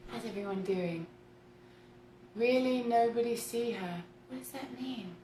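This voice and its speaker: Chatty high-voiced woman baking. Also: unhurried, dark tone, slight background noise. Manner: chatty, giggly, reads viewer comments aloud. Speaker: host of a home cooking livestream. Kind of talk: casual livestream chat while baking. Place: home kitchen, indoors. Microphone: camera mic at a distance. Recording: roomy kitchen from a distant mic.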